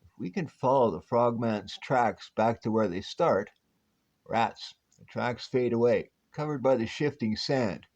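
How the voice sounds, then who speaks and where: A man's voice: medium pitch, a little slow, a little mellow. A man voicing a wisecracking, upbeat male superhero detective in a breezy, jokey way, on a dull lo-fi recording.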